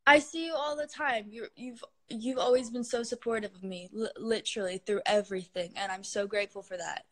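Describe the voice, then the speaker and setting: A woman's voice: mid-range voice, steady tone, brisk. A young woman chatting with fans on a live stream from her phone, gushing and giggly, sometimes cooing at her cat. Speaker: social media star hosting a live stream.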